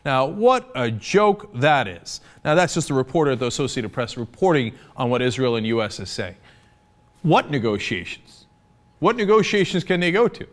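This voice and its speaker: A man's voice: medium pitch, big pitch swings, moderate pace. An American man giving an opinion commentary, indignant and sarcastic, with many filler words. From United States. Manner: indignant and sarcastic, mocks opponents in put-on voices. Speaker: political commentator.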